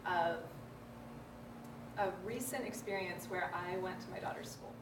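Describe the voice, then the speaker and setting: A woman's voice: mid-range voice, background noise. Middle-aged female workshop leader, earnest storyteller, roomy distant sound. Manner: earnest, personal storytelling with laughs. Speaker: parenting workshop host. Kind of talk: live workshop talk to a group. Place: room with an audience. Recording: echoey room, voice from a distance.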